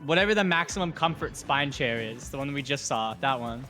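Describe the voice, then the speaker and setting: Excitable young man chatting on stream. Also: mid-range voice, soft background music. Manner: excitable, quick to get hyped, jokey asides. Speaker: streamer hosting a watch party. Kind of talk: casual chat reading stream chat.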